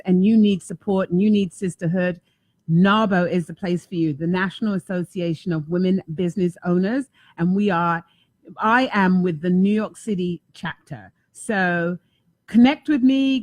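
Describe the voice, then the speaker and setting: A woman's voice: medium pitch, a little mellow, no room sound. A woman hosting a casual talk show, effusive and emphatic, often repeating words for emphasis. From United States. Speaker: talk show host and life coach.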